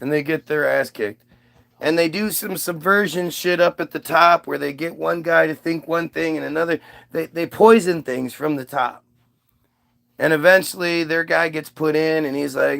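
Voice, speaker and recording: Guy ranting crude jokes, kinda high voice, gravelly. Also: fairly even intonation, normal speed, a bit bright. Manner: rambling, profane, restarts. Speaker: comedian. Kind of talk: crude comic monologue.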